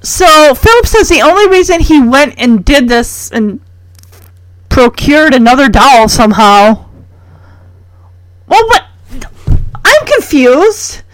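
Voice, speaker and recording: High-voiced woman chatting casually. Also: lively intonation, a little slow, no room sound, low-quality recording. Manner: chatty and incredulous, full of rhetorical questions. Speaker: podcast host recapping a sitcom episode. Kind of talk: casual recap chat.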